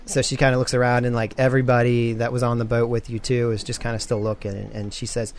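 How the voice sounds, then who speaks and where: A man's voice: mid-range voice, little pitch movement, fast talker, darkish tone, slight background noise. A young man narrating a tabletop game as game master, casual and rambling with many fillers.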